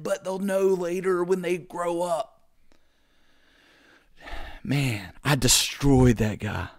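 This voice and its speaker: A man hosting a podcast, telling stories in an excitable, slangy way, full of dude and bro. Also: high-pitched, slow, long pauses, dry recording, studio quality. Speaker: podcast host. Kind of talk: casual storytelling.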